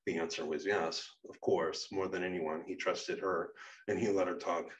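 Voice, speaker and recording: Deep-voiced man reading a memoir. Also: fairly even intonation, moderate pace. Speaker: narrator. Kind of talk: reading a personal memoir aloud. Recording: muffled, distant mic.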